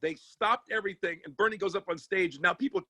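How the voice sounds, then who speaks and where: A man who works as a sports agent and comedian, telling stories in casual chat, animated and profane, with many restarts. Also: high-pitched, fast talker, no room sound.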